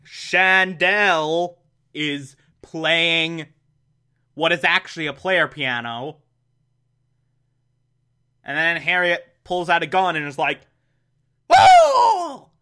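Brief: man, high bright voice, slow and animated, exasperated recapper. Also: clean tone. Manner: animated, exasperated, laughing asides. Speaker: show recapper. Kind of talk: casual episode recap.

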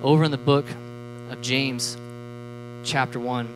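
Animated, joking youth preacher. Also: medium pitch, a little slow, music in the background, rough recording. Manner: animated and joking, with frequent laughs and fillers. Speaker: youth pastor. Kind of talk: youth sermon.

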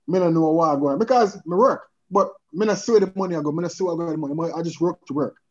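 A man's voice: on the high side, fast. A man, a podcast guest chatting casually and animatedly, mixing in patois and often asking "you understand?". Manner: animated, repeatedly checks in with the listener, mixes in patois. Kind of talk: casual chat. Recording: dull lo-fi sound.

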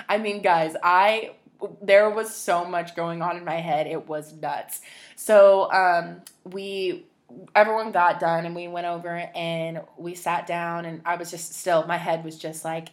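A young woman hosts her podcast with a slightly low voice. She tells a personal story in a rambling, emotional way, full of "like" and restarts. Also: steady tone, a little slow. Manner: rambling, emotional, heavy use of "like". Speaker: podcast host.

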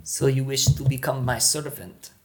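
A man voicing a large gray male tribal leader who speaks in a formal, slow, threatening way. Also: medium pitch, fairly even intonation, close to an everyday voice. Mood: menacing. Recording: echoey room.

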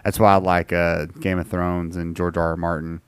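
A man's voice: low-pitched, moderate pace, smooth, no echo. A man hosting a podcast, chatting casually, asking questions and teasing his co-host. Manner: animated, teasing, asks questions. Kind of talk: casual chat.

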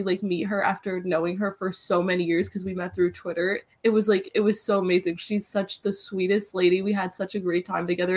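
A young adult woman, a guest on a podcast, chatting in a bubbly, excitable way full of "like"s. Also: medium pitch. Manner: bubbly, excitable storytelling, many "like"s. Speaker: wrestling interviewer, podcast guest. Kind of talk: casual podcast chat.

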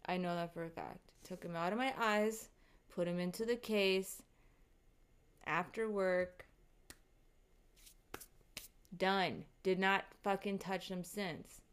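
A woman vlogger telling a casual story to her viewers, animated and rattled, swearing often. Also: fairly low pitch, slow pace, pauses often, smooth.

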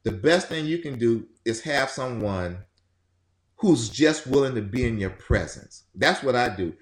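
A man's voice: mid-range voice, unhurried, echoey room. A man speaking as a guest in a casual conversation about grief, telling stories and acting out what people say. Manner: animated storytelling, acting out quotes.

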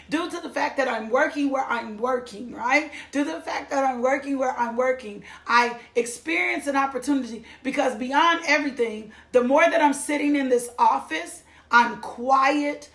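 A woman's voice: high-pitched, a bit bright. A middle-aged woman giving a church testimony, emphatic and repeating phrases for effect. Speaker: testimony speaker. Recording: echoey room.

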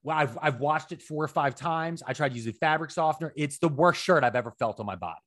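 A middle-aged man co-hosting a podcast, telling profane stories in a casual chat that climbs to near-shouts. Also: fairly high pitch, fast. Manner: animated, profane storytelling, rising to near-shouts. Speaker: podcast co-host.

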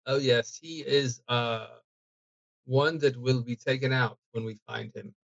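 A man's voice: mid-range voice, fairly even intonation, unhurried, gravelly, fairly bright tone, dry recording, dull audio. Hesitant male tabletop player. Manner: hesitant, casual. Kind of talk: playing a tabletop game.

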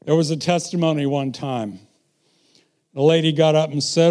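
A middle-aged man preaching a sermon, telling stories and swinging from quiet asides to loud, emphatic bursts. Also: a little high, fairly even intonation, normal speed, pauses often.

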